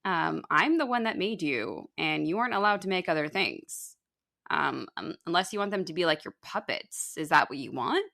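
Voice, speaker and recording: A woman's voice: fairly low pitch, lively intonation, moderate pace, vocal fry, sharp tone, heavily acted. A stern almighty father god lectures and scolds his son, as a woman puts him on in a near-normal voice. The delivery is that of a casual podcast retelling. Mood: scolding.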